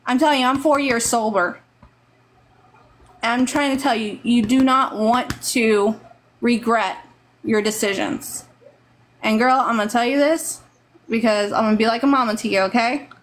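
A Texas woman with a Texan accent offers rambling, earnest, motherly advice on a live stream through a phone mic. Her voice is a little high and steady in tone, at a moderate pace.

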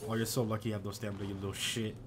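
A young man giving casual, profanity-heavy commentary while playing a video game, swinging from low muttering to sudden loud outbursts. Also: little pitch movement, racing, noisy background. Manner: swings from mumbling to yelling, heavy swearing. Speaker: gamer. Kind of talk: live gameplay commentary.

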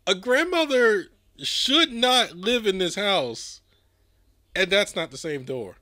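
A man's voice: sits high, sing-song, slow, bright, forceful tone. A man commenting on a story game in a playful, incredulous way, laughing often and exclaiming at what he sees. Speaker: gaming video creator.

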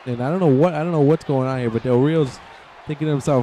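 A man giving excitable, rambling play-by-play commentary over a wrestling video game, shouting on the big moves. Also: mid-range voice, quick pace, a little hiss or hum.

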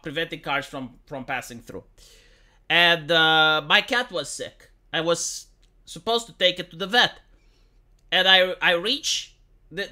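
A woman's voice: on the low side, sharp tone. A young woman from Romania with a Romanian accent, ranting bluntly and profanely in casual streamer commentary. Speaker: live-streamer.

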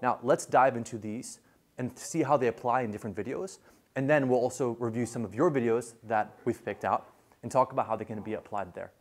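A man lecturing a class in a casual, animated way, full of fillers and quick restarts. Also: mid-range voice.

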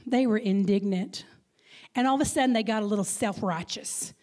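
A woman's voice: mid-range voice, fairly quick, darkish tone. A middle-aged woman with a Texan accent, a guest speaker giving a conversational sermon that drops now and then into dramatic whispers. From Texas.

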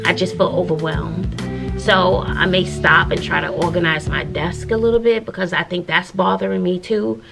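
A woman teacher with a Southern US accent, chatting in a casual vlog from her classroom, animated, with folksy asides. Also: on the low side, moderate pace, creaky, few pauses, over loud music. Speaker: teacher and vlogger. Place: classroom at school.

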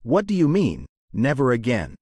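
Blunt nosy teen girl, read by a guy narrator, forthright, lively pitch, audiobook. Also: normal speed, husky, dry recording, clean studio sound. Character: blunt, sturdy thirteen-year-old girl.

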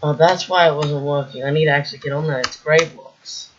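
A woman's voice: sits low, steady tone, fairly quick, muffled recording, noisy background. A woman giving casual let's play commentary, full of exasperated exclamations and self-mocking remarks. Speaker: gamer playing a parkour map.

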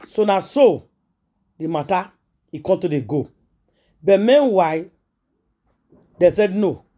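A woman's voice: fairly low pitch, expressive, slow pace, warm tone. Emphatic Nigerian woman gossip vlogger. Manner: emphatic, repetitive and preachy, with mixed Pidgin. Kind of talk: casual celebrity gossip commentary.

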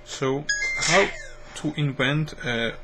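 A man with a Croatian accent, hosting a game channel and commenting as he plays, slow and musing, then bursting into excited exclamations. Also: on the high side, heavy background noise. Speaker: gaming channel host. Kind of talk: playing and commenting a mobile game. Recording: loud game music over the voice. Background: loud game music.

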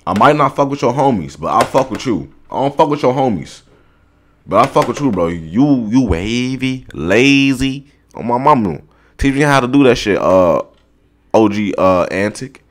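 A young man hosting a reaction video, talking in a casual, slangy, excitable way straight to his viewers and to the video on screen. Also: medium pitch, normal speed.

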